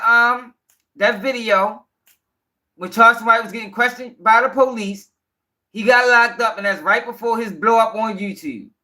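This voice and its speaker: High-voiced guy doing commentary, bright, slangy, talks right to viewers. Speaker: commentary channel host. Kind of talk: casual commentary.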